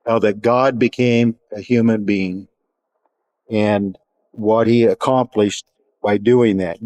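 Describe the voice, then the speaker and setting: A man teaching a Bible study in a measured, reflective way, pausing and restarting as he explains. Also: on the low side, steady tone, darkish tone, no echo.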